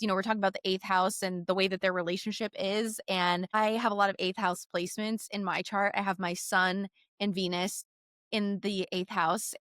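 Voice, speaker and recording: A woman's voice: mid-range voice, fairly bright tone, no echo, clean studio sound. A woman co-hosting a podcast in casual chat, talking in an enthusiastic way with lots of fillers. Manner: chatty, filler-heavy, enthusiastic. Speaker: podcast co-host.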